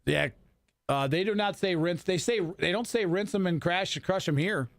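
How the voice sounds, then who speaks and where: A man's voice: sits high, moderate pace, vocal fry. A man in his forties in loose, profane, rambling chat on a radio talk show. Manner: profane, rambling banter with restarts. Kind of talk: casual chat.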